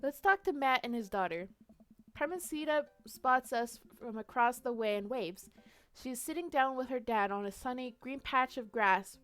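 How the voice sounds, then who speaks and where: A woman's voice: fairly high pitch, fairly bright tone, clean tone. A young woman streaming a detective role-play game, narrating her moves playfully and laughing easily over faint music. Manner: playful, quick to laugh, reads out story text.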